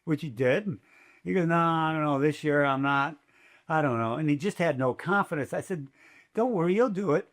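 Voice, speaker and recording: Speaking at a normal speed in a fairly high pitch, an older race announcer shares animated stories during a podcast interview, raising his voice to act out quotes.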